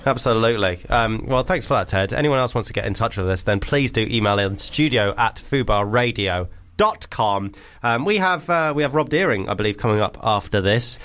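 A man's voice: on the low side, lively intonation, brisk, hardly any pauses, a bit bright. A young man co-hosting a radio show in casual banter, rambling and giggling, often stumbling over his words. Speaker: radio co-host.

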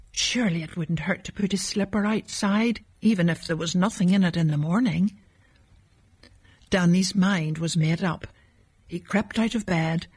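A woman reading a children's Christmas storybook aloud in a calm, measured way. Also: fairly low pitch, slightly rough, no echo. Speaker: narrator.

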